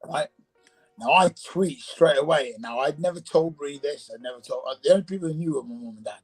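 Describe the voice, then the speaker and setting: A man casually telling a personal ghost story, animated and acting out the voices in it, with faint music behind. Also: a little high, brisk, breathy edge, poor audio.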